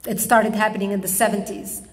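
A woman from Lebanon giving an impassioned public speech, telling stories slowly with emphatic pauses. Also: medium pitch, flat delivery, long reverb tail. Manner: dramatic storytelling, slow emphatic pauses. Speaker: public speaker. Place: public event hall.

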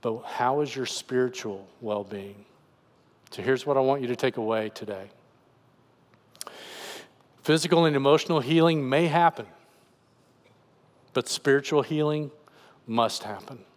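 A man's voice: mid-range voice, a little slow, pauses often, in a large hall. A man preaching as pastor, earnestly explaining scripture in a conversational voice. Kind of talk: sermon. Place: church sanctuary.

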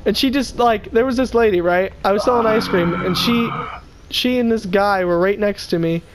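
A young woman, co-hosting a casual podcast and telling a funny story with lively impressions. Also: moderate pace, noisy background. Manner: animated, mimics a drunk stranger in a high wail. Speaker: podcast co-host.

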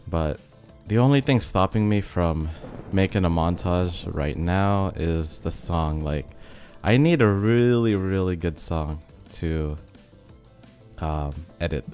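Over faint background music, a young man hosting a gaming video offers casual, meandering commentary full of fillers. His voice is low, slow, and slightly rough because he's been ill, and his manner stays relaxed throughout.

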